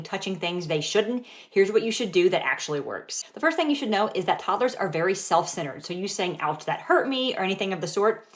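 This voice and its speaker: A woman talking calmly and patiently as a parent, mixing dry humor into everyday parenting skits and advice. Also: lowish voice. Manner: calm, patient, dryly wry. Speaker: parent content creator.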